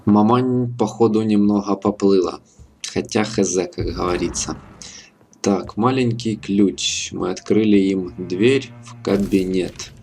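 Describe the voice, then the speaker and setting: A man's voice: lowish voice, measured pace, mellow, slight background noise. A man, casually and jokingly commenting over a game playthrough. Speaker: gamer commentator. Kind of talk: let's play commentary.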